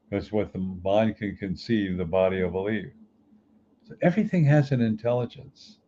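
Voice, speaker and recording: Low, mellow-voiced man giving a motivational talk. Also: slight background noise. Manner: conversational, asks many rhetorical questions. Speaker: spiritual teacher and coach. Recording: muffled lo-fi recording.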